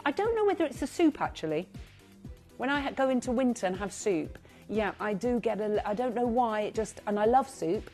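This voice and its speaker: A woman presenting live shopping TV, chatty and gushing as she reads out buyers' names, now and then clearing her throat. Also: a little high, animated, brisk, a little mellow, faint music behind. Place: TV studio.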